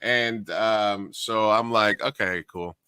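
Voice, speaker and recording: Male co-host, bright and punchy voice, dry close mic, animated storyteller who swears and plays out every quote. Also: on the low side, slow pace, smooth, no echo. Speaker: podcast co-host, karaoke host. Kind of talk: casual storytelling chat.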